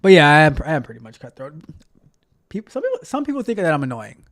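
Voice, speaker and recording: Tech coach guy on a livestream, very animated pitch, joking with chat, pep-talk vibe. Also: quick pace. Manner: playful, repeats himself a lot. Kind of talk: casual livestream chat with viewers.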